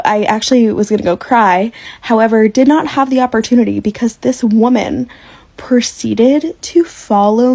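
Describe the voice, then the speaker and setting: A woman's voice: high-pitched, mellow, slightly rough. Indignant middle-aged woman telling a story. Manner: emphatic, indignant retelling. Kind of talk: casual storytelling vlog.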